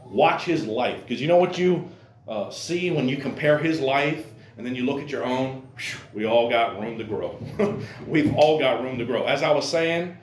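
A man preaching to a group of men, who prays earnestly and then speaks with animated, direct appeals to his listeners. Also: medium pitch, a little hiss or hum. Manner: earnest, pleading prayer with many "Lord" and "God" tags. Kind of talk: sermon to a men's group. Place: church meeting room. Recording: echoey room with faint ambience.

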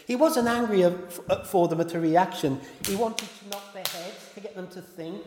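A man's voice: high voice, normal speed, darkish tone, a little hiss or hum. A man preaching a sermon in an informal way, often stopping to correct himself and apologise. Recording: echoey hall with long reverb.

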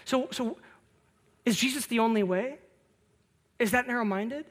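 Male pastor, sermon delivery, lively storyteller who swings between loud bursts and hushed reflection. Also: measured pace, pauses often. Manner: animated storytelling, rising loud on anecdotes; drops soft and low on reflective points. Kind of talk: Christmas sermon.

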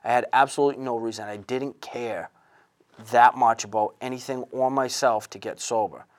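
A man in his thirties earnestly tells his own recovery story as candid personal testimony, halting often with restarts and fillers. His voice is mid-range and his tone steady.

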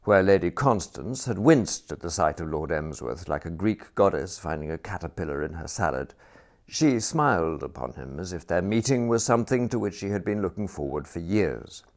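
A man's voice: deep voice, animated, normal speed. A man reading a comic novel aloud as narrator, telling it dryly and expressively. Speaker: audiobook narrator.

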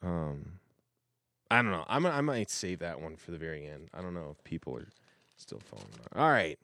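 A man's voice: low-pitched, sing-song, fairly quick, sharp tone, dry recording. A man in a casual chat, reading messages aloud in a rambling, self-interrupting way and laughing often. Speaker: host reading messages from coworkers.

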